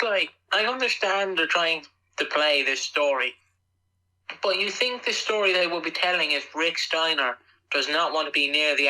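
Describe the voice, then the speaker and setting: A man co-hosting a podcast, ranting crudely and excitably in casual chat. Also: fairly high pitch, low-quality recording. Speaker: podcast co-host.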